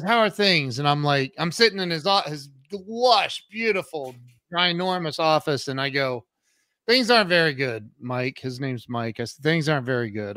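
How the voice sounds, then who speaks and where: High, bright-voiced animated storyteller man. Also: clean tone, no echo. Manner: animated storyteller, acts out quotes. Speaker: guest, entrepreneur and coach. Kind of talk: casual podcast interview.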